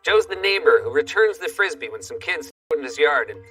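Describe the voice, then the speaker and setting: Late-night comic host, quick and bright, sarcastic monologue, faint music under. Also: male voice, a little high, animated, recorded from a distance, rough recording. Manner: sarcastic, punchy delivery. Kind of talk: comedy monologue.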